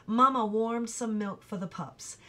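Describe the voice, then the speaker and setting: A woman reading a chapter of a novel aloud in an even, unhurried storytelling manner. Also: fairly high pitch. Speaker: audiobook reader.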